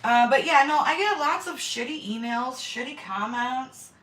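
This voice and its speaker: A middle-aged homestead channel host runs a casual livestream from her kitchen, chatting bluntly with viewers, swearing, and greeting them by name. Her voice is high-pitched and unhurried. The room is echoey, with a distant mic and faint noise.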